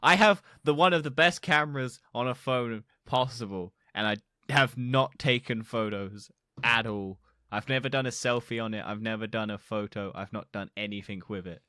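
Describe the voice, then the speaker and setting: A man's voice: medium pitch, normal speed, few pauses, sharp tone, dry recording, clean studio sound. A young man co-hosting a podcast, talking bluntly with crude asides in casual chat. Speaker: podcast co-host.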